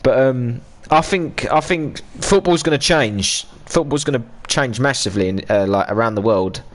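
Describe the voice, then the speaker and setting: A man in his thirties with an English accent talks casually while he plays on a live stream. He rants and swears freely, and his voice sits at an ordinary middle pitch. He chats in a loose, unscripted way. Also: moderate pace. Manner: ranting, sweary, chatty.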